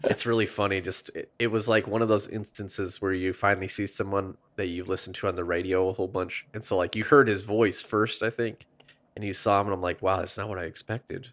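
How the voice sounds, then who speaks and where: A man's voice: fairly low pitch, fairly even intonation, fairly quick, a bit bright. A man co-hosting a casual podcast, talking in a wry, sarcastic way. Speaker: podcast co-host. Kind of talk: casual chat.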